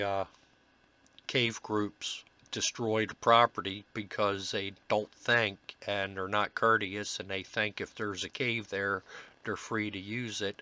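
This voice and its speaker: A man, a paranormal investigator, narrating commentary over his own recordings in a halting, earnest way with many filler pauses. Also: lowish voice, sharp tone.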